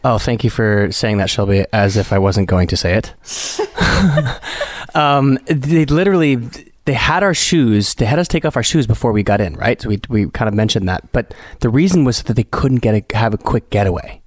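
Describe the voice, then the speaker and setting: Man telling a story in measured chat. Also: lowish voice, animated, dry recording, clean studio sound. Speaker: podcast co-host, husband.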